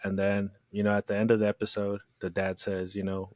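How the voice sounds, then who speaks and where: A man's voice: fairly low pitch, completely flat delivery, fairly quick, darkish tone, dry recording. A man co-hosting a podcast with his brothers, speaking earnestly and emphatically and swearing casually. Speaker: podcast co-host. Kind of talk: casual heartfelt conversation.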